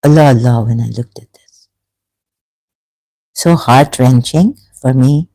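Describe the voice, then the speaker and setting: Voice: medium pitch, a little slow, dark tone, no room sound, poor audio. A speaker giving an emotional, rambling monologue commentary with many restarts. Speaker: religion critic.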